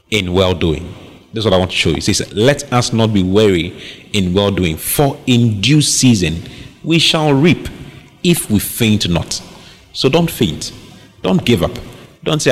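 A man preaching a sermon on giving, repeating phrases for emphasis and reading scripture aloud. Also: sits low.

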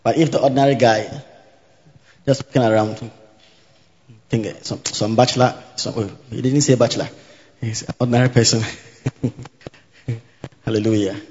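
A man preaching a sermon in a church hall, repeating each point slowly and checking that the congregation is following. His voice carries a long reverb through the room, and the recording sounds dull and muffled. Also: medium pitch, fairly even intonation, a little mellow. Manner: teaching by repetition, asking the congregation if they follow; interjects hallelujah.

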